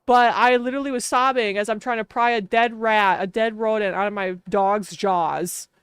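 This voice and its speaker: A woman's voice: mid-range voice, steady tone, normal speed, clear, resonant tone, no room sound, studio quality. A young woman streamer in casual chat, telling rambling, self-mocking stories while she plays a life-sim game.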